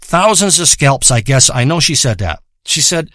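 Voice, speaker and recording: A man with a somewhat high voice holds forth in a rambling, foul-mouthed comic monologue. He swears freely and drifts from point to point, losing track of himself along the way. The sound is close and dry, with no room around it. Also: very animated, moderate pace, few pauses, bright, forceful tone, no echo. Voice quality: profane, rambling, loses his thread. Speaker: storyteller. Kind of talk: rambling crude comedic monologue. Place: home in a rural area.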